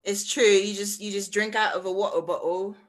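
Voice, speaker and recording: A woman's voice: mid-range voice, steady tone, fairly quick. A woman guest on a casual chat, dry and wry in her humor. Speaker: guest artist. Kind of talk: casual video call chat.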